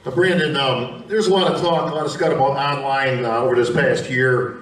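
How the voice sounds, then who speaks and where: A man's voice: medium pitch, fairly even intonation, fairly quick, a bit bright. Teasing male moderator in echoey hall. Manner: joking, teasing. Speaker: press conference host. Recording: echoey room recorded from far off.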